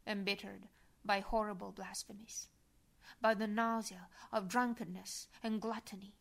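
A woman reads a devotional prayer aloud, her voice sitting a little high. She keeps it soft and reverent, at times sinking to a breathy whisper. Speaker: devotional reader.

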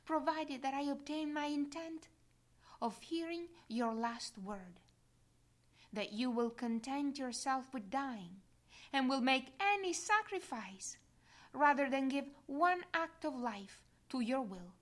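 Woman reading as a gentle motherly heavenly queen. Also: high voice, expressive, slow. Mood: tender. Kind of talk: devotional reading.

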